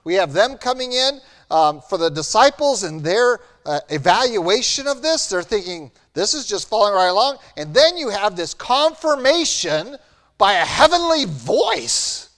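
A man preaching a sermon as pastor, earnest and building to animated emphasis. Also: high voice, measured pace. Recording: long hall reverb.

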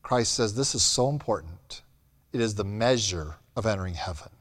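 A man preaching a sermon as pastor, blunt and emphatic, swinging between loud and soft. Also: lowish voice, lively intonation, moderate pace. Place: church hall. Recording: long hall reverb.

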